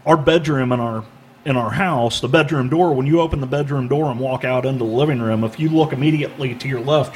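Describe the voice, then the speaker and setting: A man in a middle-range voice tells a strange personal story as a podcast guest, circling back and repeating himself as he goes. A faint noise sits underneath the recording. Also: mid-range voice. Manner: rambling, repeats words, laughs at bizarre moments. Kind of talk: casual storytelling.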